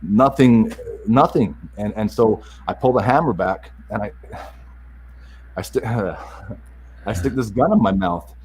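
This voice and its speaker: A man with a somewhat low voice tells a hard personal story as a podcast guest. He speaks earnestly and with open emotion. He keeps stumbling and restarting mid-sentence. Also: darkish tone, slight background noise. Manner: earnest, halting, with frequent restarts and repeated words; openly emotional. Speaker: podcast guest, self-help author. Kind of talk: personal story told in an interview.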